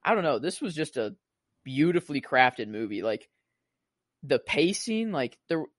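A man's voice: on the high side, big pitch swings, unhurried, dry recording, clean studio sound. A man co-hosting a film podcast, talking casually and rambling with many fillers and restarts. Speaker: podcast co-host.

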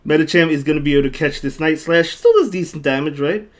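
A man's voice: a little high, fast. A man commentating his own online battles on a live stream, chatting with viewers between moves and often repeating himself. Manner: chatty, reads chat aloud, thanks viewers, repeats himself. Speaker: game streamer.

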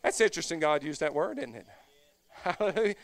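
A man preaching a fervent Pentecostal sermon as pastor, swelling from low, conversational stretches into shouted whoops. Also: lively intonation, a little fast.

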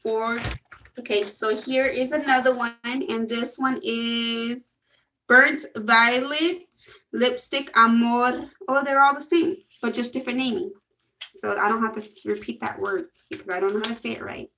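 A woman's voice: on the high side, steady tone, a little slow, pushed and bright, rough recording. A young woman gushing and giggling through a casual makeup haul video. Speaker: beauty vlogger.

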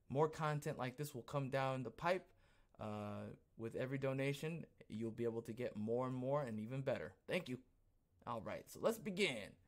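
A man hosting his own podcast, talking in a casual, rambling rant that swings between quiet asides and loud, emphatic bursts. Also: mid-range voice. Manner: repeats himself, rambling restarts. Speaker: podcast host. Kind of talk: casual ranting commentary.

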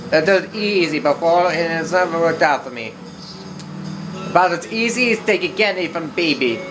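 A man's voice: on the high side, expressive, normal speed, over music. A man casually commentating over gameplay, joking and riffing, sometimes in mock broken English. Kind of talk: casual let's-play commentary.

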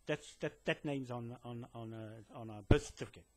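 Indoors in a building, a man claiming land addresses a police detective on camera, his medium-pitched, darkish voice moving at normal speed. He rambles, full of fillers and false starts, and lectures insistently.

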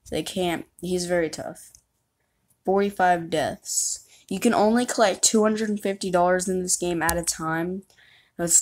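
A woman chatting and rambling as she plays a game, giving commentary and poking fun at herself. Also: fairly low pitch. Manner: chatty, rambling, self-mocking. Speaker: gamer. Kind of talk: gameplay commentary.

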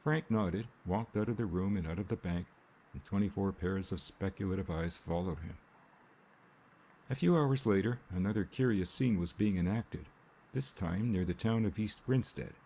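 A man narrating an audiobook in a steady, unhurried storytelling manner. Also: low voice, slight background noise. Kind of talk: scripted narration. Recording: faint rain ambience behind.

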